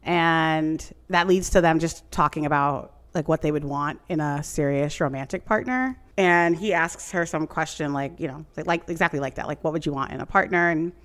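A woman's voice: low-pitched, normal speed, hardly any pauses. A woman in casual chat, telling a long story with lots of fillers. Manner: rambling, animated storytelling with many "like" fillers. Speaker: podcast co-host recapping a TV show.

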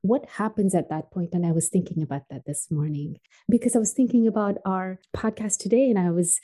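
Podcast guest, woman from Tanzania: earnest, emphatic storyteller with a mellow voice. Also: fairly quick, rough recording. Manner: earnest and emphatic, drops soft and low on painful points. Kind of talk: heartfelt personal storytelling.

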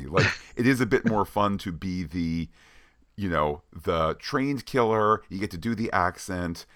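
A man's voice: sits low, animated, normal speed, dry recording, studio quality. A man co-hosting a podcast, talking in a chatty, playful way with plenty of filler words. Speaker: podcast co-host. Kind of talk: casual chat.

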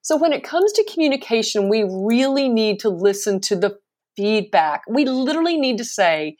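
Animated woman guest with a higher voice. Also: normal speed. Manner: animated and emphatic, laughing often. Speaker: guest, professional speaker. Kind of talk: casual interview talk.

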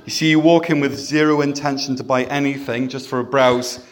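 A man's voice: medium pitch, fairly even intonation, a little fast. A man preaching a sermon in a church, conversational and self-deprecating, with humor. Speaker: pastor.

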